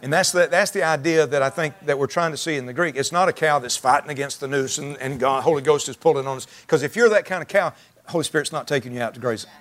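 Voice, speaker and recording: A man's voice: fairly high pitch, fast talker, fairly bright tone. A man preaching a sermon to his church, talking in a conversational, folksy way with frequent restarts. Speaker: pastor.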